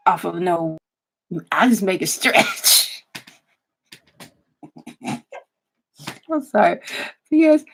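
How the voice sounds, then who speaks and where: A woman's voice: mid-range voice, husky. A woman vlogger, chatting casually and laughing often as she gossips and swears. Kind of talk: casual chat commentary.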